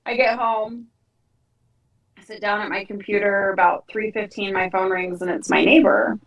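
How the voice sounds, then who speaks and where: A middle-aged woman, a podcast guest, telling a personal story in a lively, frank way and acting out the dialogue. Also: medium pitch, moderate pace, creaky, roomy sound, distant mic, lo-fi sound. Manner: animated, acts out dialogue with frank language. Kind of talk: conversational storytelling.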